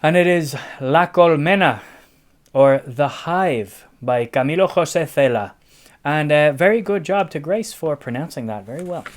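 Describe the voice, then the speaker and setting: A man's voice: fairly high pitch, animated, normal speed, a little hiss or hum. A man co-hosting a casual home award show, playful and theatrical in his delivery. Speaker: co-host.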